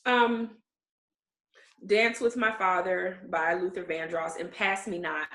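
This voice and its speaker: A woman chatting casually in a soft, heartfelt way. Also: on the low side, fairly even intonation, takes it slowly, reverberant. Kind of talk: casual chat.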